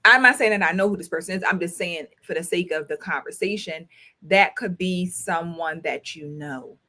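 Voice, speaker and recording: A woman in her thirties, a talk show host and school counselor, runs a casual livestream, speaking directly to viewers with emphasis and repeating phrases. Her voice is on the lower side and sharp in tone, at a moderate pace.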